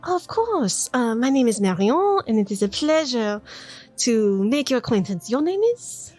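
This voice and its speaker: A woman's voice: medium pitch, expressive, unhurried, husky, faint music behind. A woman voicing a gracious female bird-person bartender, attempting a French accent. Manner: shaky put-on French accent.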